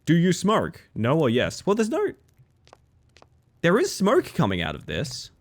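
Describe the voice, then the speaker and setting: Young man, streamer, casual chat, lively pitch, excitable, swears freely. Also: measured pace. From Australia. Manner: animated, swears freely, reads chat aloud.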